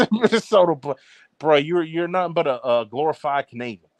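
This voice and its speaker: A man from the East Coast, co-hosting a podcast, trash-talking in loud, mocking banter and tacking "bro" onto line after line. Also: a little high, big pitch swings, moderate pace, slight background noise. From Baltimore area, East Coast US. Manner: brash, mocking, repeats himself with "bro". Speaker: podcast co-host. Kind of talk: casual trash-talk banter.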